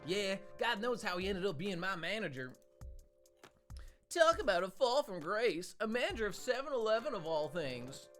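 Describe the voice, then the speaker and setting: A man's voice: high voice, big pitch swings, moderate pace, a bit bright, soft background music. A man putting on a hammy drawling impression as a smug male store manager in a game.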